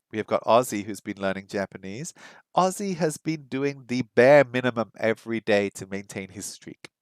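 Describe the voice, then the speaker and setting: A man's voice: medium pitch, dry recording. A man from Britain casually talking through his language-learning practice, chatty and self-deprecating with plenty of ums and uhs.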